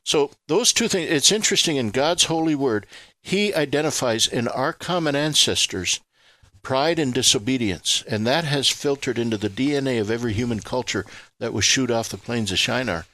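Man, radio guest, preacherly and emphatic, bright forceful tone, dry studio sound. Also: medium pitch, normal speed, no echo. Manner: expansive, preacherly, builds to emphatic rhetorical questions. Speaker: ministry leader guest. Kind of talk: radio talk show guest, preaching explanation.

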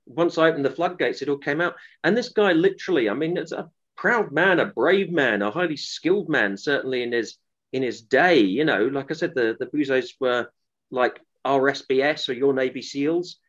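A man's voice: mid-range voice, expressive, normal speed, a bit bright, lo-fi sound. A man being interviewed as an author, telling a long story earnestly, with restarts and fillers. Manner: earnest, rambling with restarts and acted quotes. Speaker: author guest.

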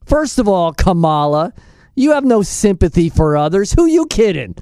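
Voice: medium pitch, very animated, normal speed, darkish tone, no room sound, clean studio sound. A radio talk show host delivering scornful political commentary, mocking and sarcastic. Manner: mocking, scornful, breaks into mimicking voices.

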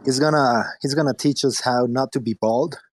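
Calling in from his dining room at home, a man co-hosts a casual crypto audio space, trading loose jokes and swearing in easygoing banter. His voice is mid-range, his speed normal, and there is no echo.

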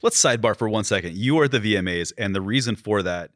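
A man with a lowish voice co-hosts a relaxed podcast chat. He throws in short, dry jokes as the other man talks. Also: fast talker. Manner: dry, joking interjections. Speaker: podcast co-host. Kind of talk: casual chat.

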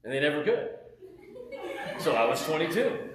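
In a casual, animated manner, a man gives a personal testimony as a sermon, dropping "man" and "right?" between points. For a man his voice is slightly high, and he speaks at a moderate pace. Crowd noise fills a roomy, echoey space that sounds like a home.

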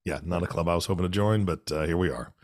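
Low hoarse podcast co-host man. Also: fast, dry recording, studio quality. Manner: relaxed, joking, asks interview questions. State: hoarse from illness. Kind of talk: casual chat.

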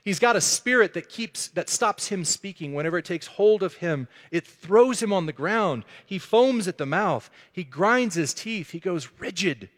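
Man reading as a pleading father, desperate, slow and earnest, lively pitch, echoey hall.

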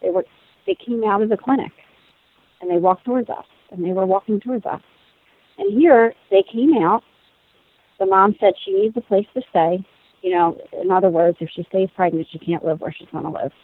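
A woman in her thirties tells a personal story in lively conversation, laughing and acting out what others said. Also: medium pitch, normal speed, no room sound. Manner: animated, laughing, acts out quoted voices. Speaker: guest telling a personal story. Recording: tinny phone-like sound.

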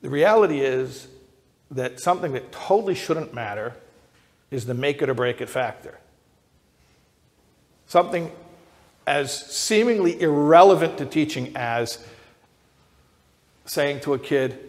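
A man who is an educator, giving a lecture that builds to emphatic high peaks, often repeating and restarting words as he thinks aloud. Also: animated, unhurried, long pauses. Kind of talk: lecture to an audience. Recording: long hall reverb.

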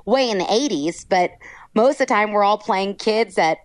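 A woman's voice: mid-range voice, animated, moderate pace, no room sound. A woman from Texas, a voice actor chatting in an interview, bubbly and gushing, with lots of "like". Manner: bubbly, gushing, heavy use of "like". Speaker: voice actor guest. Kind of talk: casual interview chat.

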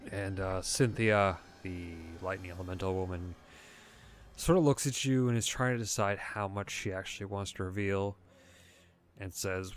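A man narrating a tabletop game as game master in a relaxed, conversational way. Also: low-pitched, normal speed.

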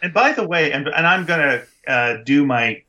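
A man's voice: fairly high pitch, lively intonation, normal speed, bright, forceful tone. A man co-hosting a movie review podcast, chatting casually and mocking the film, acting out lines in silly voices. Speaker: podcast co-host.

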